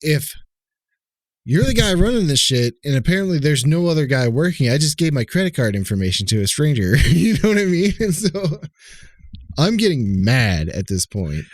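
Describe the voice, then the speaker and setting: With a voice on the high side and a sing-song lilt, a podcast co-host rambles at a moderate pace through a lengthy, profane story, acting out the people he spoke to on calls. The recording is dry.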